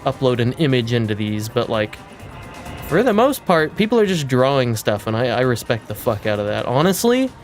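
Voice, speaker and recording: Excitable young man streaming a game. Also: medium pitch, normal speed, faint music behind. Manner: excitable, swears freely; baby-talk to his cat. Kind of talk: casual live-stream commentary.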